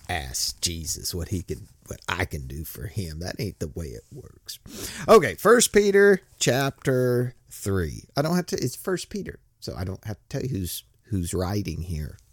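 A man with a low voice that rises and falls a lot, preaching a relaxed, joking sermon. He talks conversationally, breaks off and restarts often, and his voice is recorded dry and close. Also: no echo. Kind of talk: casual sermon with bible reading.

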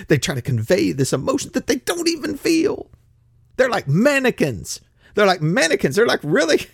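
A man's voice: high-pitched, big pitch swings, fairly quick, creaky, husky, no room sound, studio quality. An older man, giving a blunt, grumpy monologue that swears freely and acts out other people's voices. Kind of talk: ranting monologue.

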